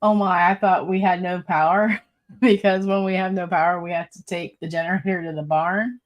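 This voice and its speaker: On her relaxed stream, a woman reads viewers' comments aloud in a chatty, wandering manner, laughing often. Her voice sits a little low for a woman, she speaks at a moderate pace, and the audio sounds dull.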